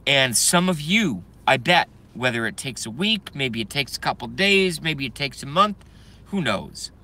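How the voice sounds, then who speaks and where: A middle-aged man holds forth on his live stream, voice worn hoarse from ranting all day. He speaks slowly with a bright, edgy tone, his pitch leaping widely as he swears, then drops low to mutter apologies. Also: big pitch swings. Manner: angry, profane ranting with sudden outbursts and apologies. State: voice going hoarse from ranting and smoking.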